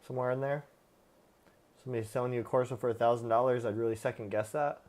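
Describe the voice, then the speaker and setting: A man's voice: medium pitch, steady tone, quick pace, darkish tone. A man hosting a live stream, answering viewer questions about dogs in a plain-spoken, casual way with frequent fillers. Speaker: livestream host, dog trainer.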